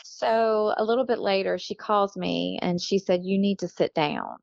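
A guest tells her personal story in casual conversation, chatty and laughing often as she acts out what other people said. Her medium-pitched voice is very animated and creaky with a darkish tone, at a normal speed. The audio is dull and has no room sound.

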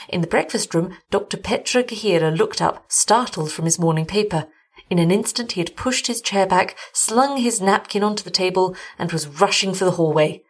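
A woman hosting a story show, reading a gothic tale aloud in a measured, deliberate narration. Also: on the low side, husky. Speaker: host and story reader.

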